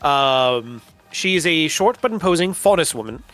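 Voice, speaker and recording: Man running a tabletop game, halting. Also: on the high side, expressive, a bit bright, soft background music. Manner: halting, filler-heavy description. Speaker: game master.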